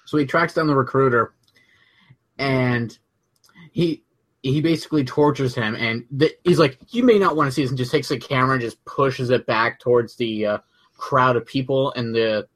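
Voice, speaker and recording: Man calmly recapping plot in a chat. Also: mid-range voice, normal speed. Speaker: podcast co-host. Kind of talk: casual chat.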